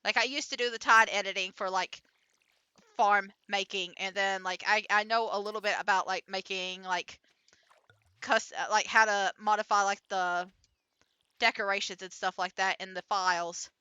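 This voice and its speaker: A woman's voice: mid-range voice, steady tone, normal speed, sharp tone, smooth, dry recording, muffled recording. A young adult woman streaming a farming game, chatting casually with lots of fillers, restarts and giggles. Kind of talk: casual gameplay commentary.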